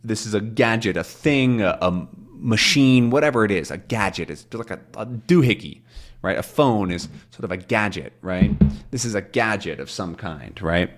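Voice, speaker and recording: A man teaching English in a relaxed way, explaining words simply and often checking that learners follow him. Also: lowish voice, moderate pace. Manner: animated, checks in often with questions.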